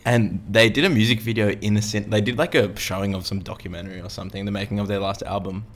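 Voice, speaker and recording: A man's voice: lowish voice, steady tone, fast talker. A young man, chatting casually in a laid-back, slangy way. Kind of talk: casual chat.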